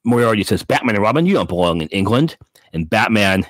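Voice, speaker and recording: A man chatting on a podcast about an old comic book, animated and quick to slip into character voices. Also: lowish voice, no echo. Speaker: podcast co-host. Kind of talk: casual comic book discussion.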